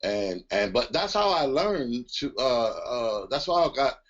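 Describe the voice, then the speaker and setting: A man's voice: mid-range voice, unhurried. Profane older man, dull lo-fi sound. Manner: laughing, profane storytelling with animated impressions. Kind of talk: casual podcast chat. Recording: dull lo-fi audio.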